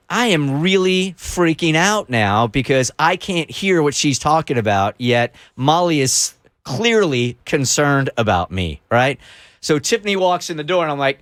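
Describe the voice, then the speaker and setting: A middle-aged man hosting a radio show and telling a story in an animated, quick way. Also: a little high, dry recording, clean studio sound.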